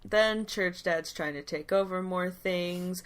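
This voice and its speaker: Low-voiced woman, wry breezy chat. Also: takes it slowly, slight background noise. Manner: breezy, wry, jokey asides. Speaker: podcast co-host. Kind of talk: casual recap chat.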